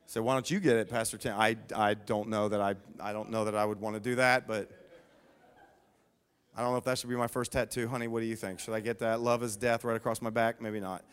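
A man preaching as pastor, playful and punchy, slowing down for emphatic repeated lines. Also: a little high, fairly bright tone. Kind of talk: sermon.

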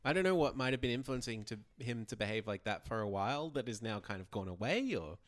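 A man co-hosting a podcast, chatting casually about a reality show, amused and quick with joking asides. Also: mid-range voice, expressive. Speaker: podcast co-host.

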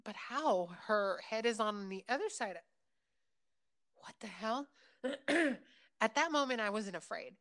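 A woman in her thirties chatting casually as a host. She tells a long personal story, full of fillers and quick asides, and acts out her own lines as she goes. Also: on the high side. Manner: chatty, many fillers, lively retelling.

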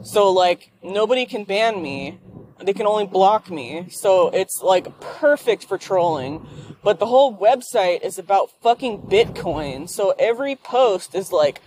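A woman talks through a loose, profanity-laced rant from behind the wheel of her car, at a middling pitch. She rambles and doubles back on herself. A faint hum of road noise sits under her voice. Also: animated, measured pace, a little mellow. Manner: profane, ranting. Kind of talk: rambling monologue while driving.

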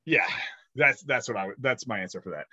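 Bright-voiced man, rambling and animated. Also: mid-range voice, fairly quick, no echo, lo-fi sound. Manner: rambling, animated storytelling with swearing. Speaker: podcast co-host. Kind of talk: casual chat.

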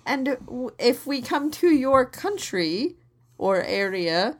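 A woman's voice: fairly high pitch, very animated, slow pace. A woman co-hosting a podcast in casual chat, explaining things earnestly at length with many restarts, and dryly exasperated with her partner's jokes. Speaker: podcast co-host.

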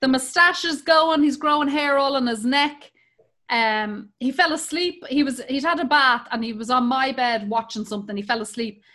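An Irish woman in her forties, chatting casually and telling profane, lively stories about her kids. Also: high-pitched, moderate pace. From Ireland. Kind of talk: casual chat.

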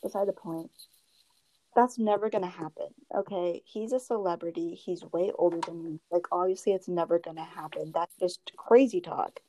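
A young woman chatting casually with a friend, telling gossipy stories about her boyfriend in an animated way. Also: on the low side, moderate pace, poor audio. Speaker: co-host. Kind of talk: casual chat.

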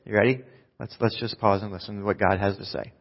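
A man's voice: on the low side, steady tone, fast. Casual male pastor in an echoey hall. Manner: casual, conversational, self-deprecating. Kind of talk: sermon. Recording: dull echoey hall sound.

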